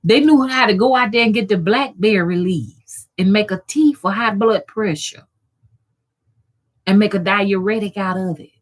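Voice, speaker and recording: Speaking at medium pitch and normal speed, a middle-aged rootworker hosts a relaxed livestream on her channel. She calls out viewers by name in a folksy, foul-mouthed way.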